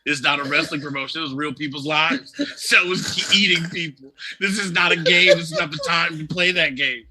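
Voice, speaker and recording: A man co-hosting a casual chat show, animated and laughing often, acting out quoted lines as he talks. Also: a little high, a little fast, background noise. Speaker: co-host. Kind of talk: casual chat about tabletop games and anime.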